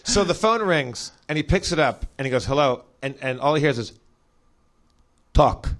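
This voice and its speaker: A man telling a long, animated anecdote on a podcast stage, acting out the voices in it. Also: on the high side, a little fast. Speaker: podcast guest comedian telling a story. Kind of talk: casual storytelling.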